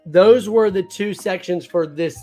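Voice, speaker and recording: A man's voice: sits high, a little slow, dark tone, soft background music. A man hosting a casual live toy unboxing stream, enthusiastic and laid-back.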